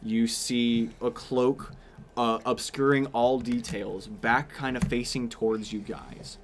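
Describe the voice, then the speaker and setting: A man's voice: mid-range voice, fairly even intonation, slow pace, background noise. A man narrating as game master, describing scenes casually with many fillers.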